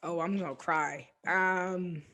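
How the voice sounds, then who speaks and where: Slow, hesitant woman in her twenties. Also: on the low side, steady tone, bright, forceful tone. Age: 20s. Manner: hesitant, many ums and restarts. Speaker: interview guest. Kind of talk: reflective casual conversation.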